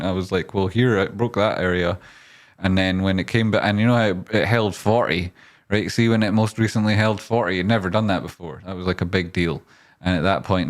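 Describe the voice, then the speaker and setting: Male streamer, low-pitched, loose joking delivery with whiny high asides. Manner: jokey and rambling, jumping to high pleading whines. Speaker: trading livestream host. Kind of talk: casual livestream chat.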